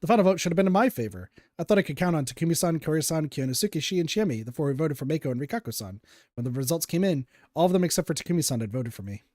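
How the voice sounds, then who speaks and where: Animated man reading a game aloud. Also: a little high, very fast, dry recording, studio quality. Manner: animated, switches voices for characters. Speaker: streamer reading a visual novel aloud. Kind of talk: dramatic read-aloud of game text. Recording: game music playing behind.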